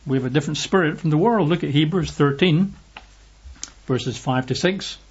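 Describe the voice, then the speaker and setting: Husky preacher man giving a sermon. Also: a little high, normal speed, dull audio. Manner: emphatic, repeats phrases for stress. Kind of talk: sermon with Bible reading.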